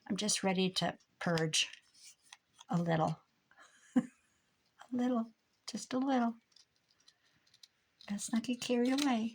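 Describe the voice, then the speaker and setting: A woman's voice: mid-range voice, a little hiss or hum. Chatty middle-aged woman crafting at her desk. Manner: rambling, self-talking, chatty with asides to herself. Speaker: crafting YouTuber. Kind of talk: casual crafting chat while working.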